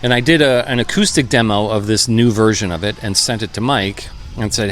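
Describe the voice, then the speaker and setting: Low-voiced guy in his fifties, musing slowly with lots of ums, faint brewpub chatter behind. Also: fairly bright tone, a little hiss or hum. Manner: reflective, hesitant with many fillers. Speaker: musician guest. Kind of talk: relaxed conversational interview. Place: brewpub restaurant.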